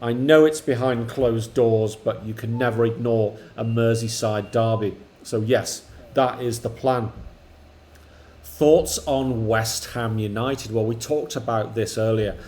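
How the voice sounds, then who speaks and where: Slow, relaxed older English dad. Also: male voice, medium pitch. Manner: slow, relaxed, reflective, chuckling. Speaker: co-host, streamer's father. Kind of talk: casual live-stream football chat.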